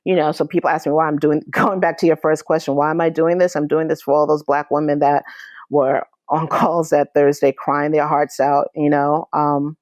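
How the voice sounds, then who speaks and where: A woman's voice: low-pitched, flat delivery, normal speed, a little mellow, no echo, studio quality. A woman as an interview guest, recounting her experiences earnestly and with emotion, often restarting her sentences. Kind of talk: personal storytelling in a podcast interview.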